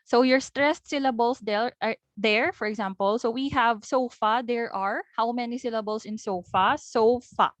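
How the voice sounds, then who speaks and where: A woman's voice: a little high, normal speed, hardly any pauses, dry recording, lo-fi sound. Filipino woman teaching a phonetics lesson. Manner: explains step by step, mixing in local words. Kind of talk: recorded online lesson.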